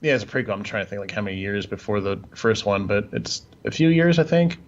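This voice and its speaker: A man's voice: fairly low pitch, animated, fast talker. A man chatting casually on a podcast in a loose, rambling way, swearing freely. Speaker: podcast co-host. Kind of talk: casual chat. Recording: muffled lo-fi audio.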